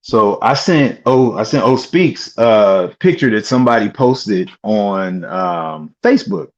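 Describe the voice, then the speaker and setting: A man's voice: fairly low pitch, lively intonation, measured pace. Lo-fi man telling a story. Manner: storytelling with restarts, quoting others. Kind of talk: casual political talk.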